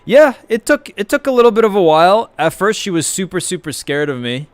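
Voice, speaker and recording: Smooth-voiced, profane gaming streamer man. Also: sits high, very animated, a little fast, dry recording. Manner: rambling, profane, reads and answers chat. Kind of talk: casual live-stream chat while gaming.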